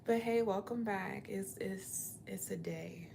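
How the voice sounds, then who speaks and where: Young woman host, laid-back slangy live chat, gravelly edge, tired. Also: mid-range voice, slow, noisy background. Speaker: livestream host. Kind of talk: casual livestream chat. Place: her apartment.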